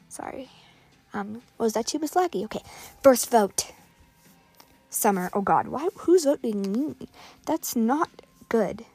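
Female gamer talking through her game live, a bit high-pitched, calls stuff out fast, goes quiet and whispery sometimes, faint music behind. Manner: excitable, calls out items rapidly, drops to whispers. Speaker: gaming video creator. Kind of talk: live gameplay commentary.

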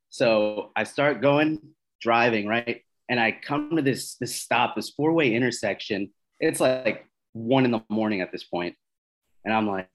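A man's voice: mid-range voice, expressive, a little slow, a bit bright. Man, casual storyteller, stumbles and repeats himself, self-mocking laughs. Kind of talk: casual podcast chat.

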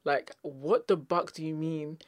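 A woman's voice: low-pitched, unhurried, no room sound, clean studio sound. A young woman hosting her own show, ranting casually and expressively to her listeners, laughing between lines. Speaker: podcast host.

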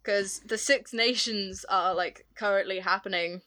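A woman's voice: mid-range voice, steady tone, unhurried, pushed and bright. A young Welsh woman co-hosting a podcast, teasing and laughing in casual chat. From Wales. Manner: playful, teasing, laughs often. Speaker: podcast co-host.

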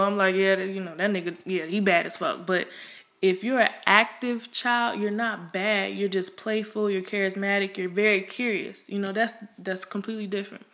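A woman's voice: mid-range voice, a bit bright. A young woman speaks openly and bluntly about her own life, in a loose, conversational flow. She leans on fillers and restarts, swears without holding back, and pushes hard on the points she cares about. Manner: frank and emphatic, with heavy cursing. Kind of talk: candid personal monologue.

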